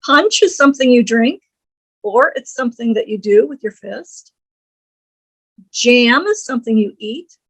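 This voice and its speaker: Slow, careful woman teaching grammar. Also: a little high, lively intonation, husky, low-quality recording. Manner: slow, deliberate, reads quoted lines slowly; frequent fillers like um and uh. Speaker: English grammar lecturer. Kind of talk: reading aloud and explaining a lesson.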